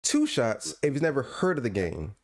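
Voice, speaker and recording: A man's voice: mid-range voice, wildly swooping pitch, moderate pace, a little mellow. A man hosting a casual podcast livestream from home, playful and teasing, laughing often. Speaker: podcast host.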